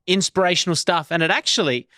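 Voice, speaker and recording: A man's voice: sits high, fast talker, no echo, clean studio sound. A man hosting a podcast, introducing segments in a playful, casual way. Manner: lively, playful. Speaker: podcast host.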